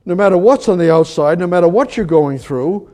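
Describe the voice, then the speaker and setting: An older man delivers a folksy sermon in a somewhat high but mellow voice. He preaches conversationally, climbing to emphatic peaks and then sinking to soft, low remarks. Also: animated, brisk. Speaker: pastor.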